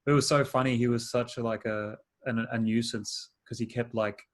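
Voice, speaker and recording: A man's voice: medium pitch, fairly even intonation, moderate pace. A man hosting a casual gaming podcast, laid-back and swearing freely, laughing often. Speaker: podcast host. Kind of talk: casual chat.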